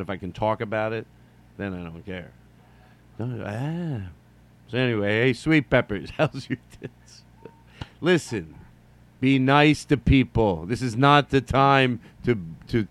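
A middle-aged man hosting a solo comedy podcast, rambling and joking, jumping from loud bursts to mumbled asides. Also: medium pitch, normal speed. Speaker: podcast host.

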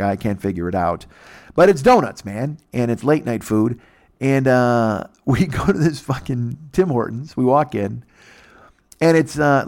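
A man from the United States, a podcast host, telling a comic story in a profane, animated way. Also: medium pitch. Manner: profane, animated, acts out every voice.

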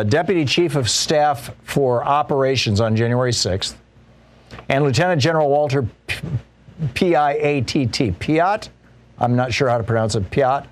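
Guy riffing on political news like a talk host, lots of restarts and uh's, mid pitch. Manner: conversational, restarts often, mocking quoted voices. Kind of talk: casual political commentary.

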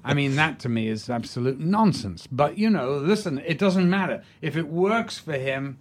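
An older man from England, a guest in an interview, telling stories in an animated way. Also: fairly high pitch, moderate pace. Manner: animated storyteller, acts out quotes. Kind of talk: anecdotal interview chat.

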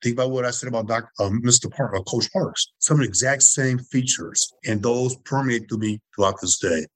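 A man's voice: mid-range voice, fairly quick, no room sound, rough recording. A man in his sixties from Detroit, telling stories as an interview guest in an earnest, passionate way with emphatic repetition. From Detroit, USA. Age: 60s. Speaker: guest, former student body president. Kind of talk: interview storytelling.

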